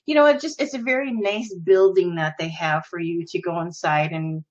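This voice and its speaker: A woman's voice: fairly low pitch, moderate pace. A woman hosting a podcast, telling a story in a casual, giggly, chatty way. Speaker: podcast host. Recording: lo-fi recording.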